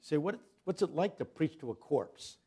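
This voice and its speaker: An older man delivers a sermon as a guest preacher, spinning stories with humor. His voice sits a bit high for a man and carries a gravelly rasp, and he builds from easy storytelling to loud, impassioned peaks. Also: expressive, moderate pace.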